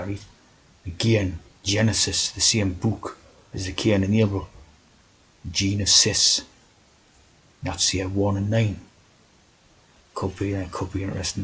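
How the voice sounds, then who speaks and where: A man's voice: deep voice, slight background noise, rough recording. A man talking in a rambling monologue, tagging his points with "right?". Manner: meandering, keeps asking "right?". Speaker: video host.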